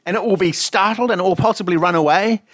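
Talking quickly in a high-pitched, slightly bright voice, this man co-hosts a podcast, rambling casually through stories with plenty of laughter. The recording is dry and studio-clean.

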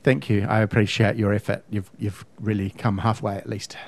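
A man's voice: fairly low pitch, little pitch movement, moderate pace, creaky. A man co-hosting a podcast in casual chat, ranting emphatically and fussing over word meanings. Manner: ranting, emphatic, pedantic about words. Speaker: podcast co-host.

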